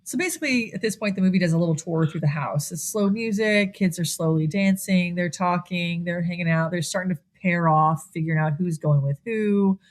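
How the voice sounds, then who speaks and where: A woman with a slightly low voice chats her way through a movie recap on a podcast. She tells it animatedly, dropping into quick put-on voices for each character and breaking into laughs along the way. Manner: animated retelling, acting out lines in quick voices, laughs often. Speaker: podcast co-host. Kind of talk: casual movie recap chat.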